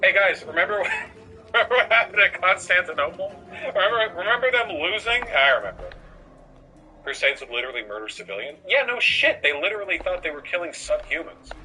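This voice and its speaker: Lively, sarcastic male streamer. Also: high-pitched, brisk, poor audio. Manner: sarcastic, profane, rambling with many fillers. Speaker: streamer reacting to a video. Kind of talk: casual reaction commentary. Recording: music playing underneath.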